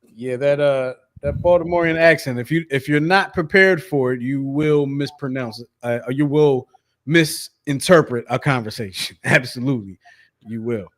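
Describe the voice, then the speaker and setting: A man's voice: mid-range voice, normal speed, a bit bright. A man hosting a sports podcast in a loose, chatty way, with lots of fillers and restarts. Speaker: podcast host. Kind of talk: casual sports chat.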